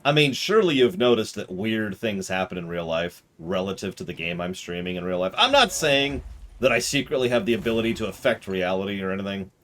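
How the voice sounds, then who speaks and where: Animated low-voiced male game streamer. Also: a little fast. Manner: animated, reads in-game documents aloud with jokey asides. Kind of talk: live gameplay commentary.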